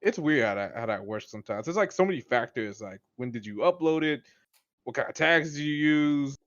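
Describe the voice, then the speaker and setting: A man's voice: a little high, lively intonation, fairly quick, fairly bright tone, muffled recording. A man chatting casually about making game videos, easygoing and often trailing off. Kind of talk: casual podcast chat.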